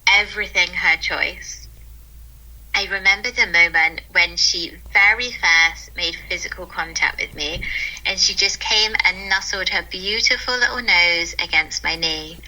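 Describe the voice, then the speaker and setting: A woman guest, a calm mentor, telling stories in a casual interview, earnest and quick to laugh. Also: fairly low pitch, poor audio.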